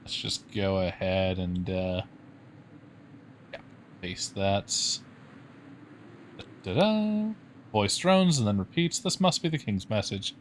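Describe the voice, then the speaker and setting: A man's voice: low-pitched, takes it slowly, slight background noise. A man from Canada reading game text aloud on a livestream, dry and wry, with casual swearing. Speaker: streamer.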